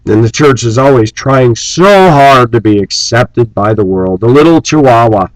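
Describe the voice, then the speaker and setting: A man's voice: lively intonation, moderate pace, no room sound, low-quality recording. A man delivering an angry, preachy rant on his vlog, scornful and sarcastic. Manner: mocks opponents in shrill put-on voices. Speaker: vlogger.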